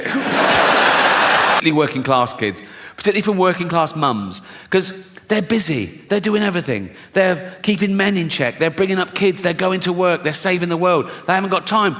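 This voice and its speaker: A man's voice: sits high, lively intonation, a little slow, long pauses, heavy background noise. A middle-aged man performing a stand-up routine, telling stories, acting out quoted voices and swearing freely. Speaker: stand-up comedian. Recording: reverberant live hall.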